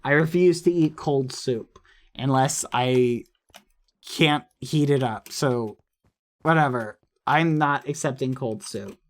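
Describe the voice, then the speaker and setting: A man's voice: mid-range voice, takes it slowly. A man streaming late at night who chats casually with viewers in a snarky, playful way, apologizing over and over.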